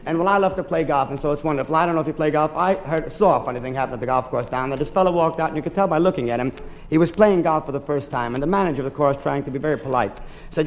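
A man, a stand-up comedian, telling a comic monologue in rapid-fire style. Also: on the high side, poor audio. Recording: hissy 1950s radio recording.

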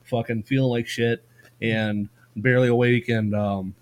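A man's voice: mid-range voice, flat delivery, normal speed. A man co-hosting a podcast, telling anecdotes in casual chat, often stammering and swearing. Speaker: podcast co-host.

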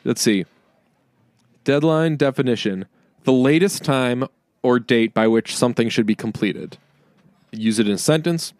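A man's voice: mid-range voice, darkish tone, no room sound, studio quality. A man co-hosting a podcast in casual chat, rambling and joking, often acting out other people's lines. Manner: rambling, jokey, quick to mimic people. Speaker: podcast co-host.

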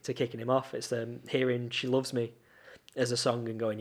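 A man's voice: mid-range voice, little pitch movement, normal speed. A man, co-hosting a podcast and telling long rambling anecdotes in casual chat, laughing often. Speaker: podcast co-host.

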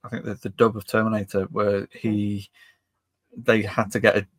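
A man from the UK co-hosts a podcast in a low voice, recorded dry. He asks halting questions and often repeats words before he finds his point. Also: level tone, dry recording. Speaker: podcast co-host. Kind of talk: casual chat.

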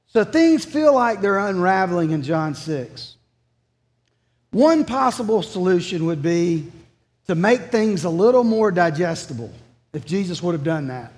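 Pastor mid-sermon, a man with a high, slow, emphatic delivery; echo from a large hall. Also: very animated, a little mellow. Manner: earnest, emphatic preaching.

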